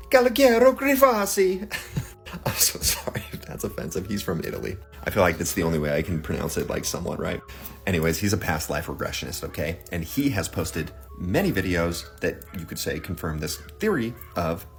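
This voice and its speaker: A man with a very low, deep voice talks straight to his viewers in a relaxed vlog. He keeps it chatty and checks in with them often. Soft music plays faintly underneath. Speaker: social media creator. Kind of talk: casual vlog commentary to viewers.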